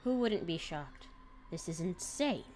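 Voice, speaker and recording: A woman's voice: lowish voice, animated, unhurried, darkish tone, a little hiss or hum. A woman streamer reading a visual novel aloud dramatically, breaking off with laughing asides.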